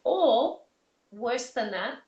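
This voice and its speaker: A woman's voice: fairly high pitch, expressive, drawn-out words, darkish tone, highs cut off. A woman with an Australian accent, a vocal coach, earnestly explaining points with spoken examples in an interview. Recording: roomy echo, mic at a distance.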